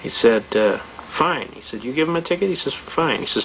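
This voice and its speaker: A man giving a fast, anecdotal talk, acting out dialogue from his stories. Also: mid-range voice, lively intonation, noisy background. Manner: fast-talking storyteller, acts out dialogue. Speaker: speaker on legal rights. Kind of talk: anecdotal lecture.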